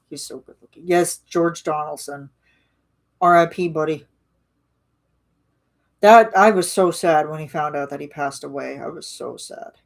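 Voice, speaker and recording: A woman rambling casually in a live-stream chat with her viewers, full of restarts and fillers. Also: deep voice. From Canada.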